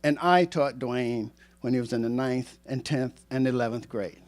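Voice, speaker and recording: A man in his sixties, a former teacher and coach, telling a true story to a live audience in an animated, joking way with self-mocking asides. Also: mid-range voice, moderate pace.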